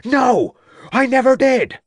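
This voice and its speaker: Man playing a rough defiant farmer, loud, quick, blunt ungrammatical speech, dry sound. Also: fairly low pitch, lively intonation, no room sound. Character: aggressive defiant male rural farmer suspect.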